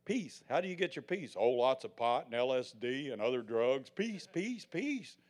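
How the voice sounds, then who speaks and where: An older man preaching a sermon in a folksy way, swinging from loud proclamations to hushed asides. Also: mid-range voice, animated, a little fast. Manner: folksy, acts out the scenes he tells.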